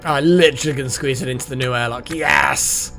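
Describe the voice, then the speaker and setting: A man commentating a gameplay session as the channel host, rambling and excitable, often muttering to himself. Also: mid-range voice, a little fast, vocal fry, soft background music. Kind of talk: let's play commentary.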